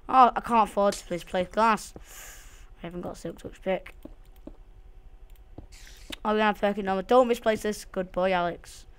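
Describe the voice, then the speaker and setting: A woman's voice: medium pitch, clean tone. A woman giving casual, jumpy commentary while she plays a game, swearing often and talking to herself and to the game. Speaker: let's play host.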